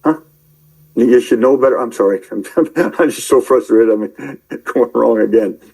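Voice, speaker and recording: A man preaching in a rambling commentary, shouting angry tirades at his listeners and then muttering to himself as he browses his screen. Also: mid-range voice, measured pace, creaky, breathy edge, low-quality recording. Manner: addresses listeners directly, calling out believers. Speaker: online preacher.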